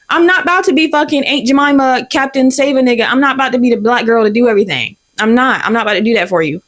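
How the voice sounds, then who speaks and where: A young woman in her twenties hosting a podcast, telling a story in a profane, exasperated, animated way. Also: on the high side, fast, few pauses. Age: 20s. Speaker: podcast host. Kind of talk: casual storytelling rant.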